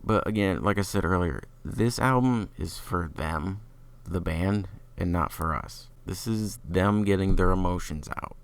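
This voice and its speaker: A man's voice: sits low, gravelly. A man giving a casual, opinionated music review, talking loosely with lots of fillers. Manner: opinionated, chatty, filler-heavy.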